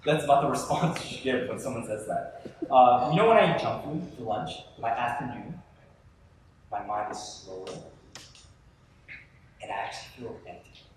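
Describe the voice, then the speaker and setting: A male pastor preaching a sermon to a live audience, animated and chatty, talking straight to the crowd. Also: medium pitch, moderate pace, long pauses, noisy background. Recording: echoey hall from far off.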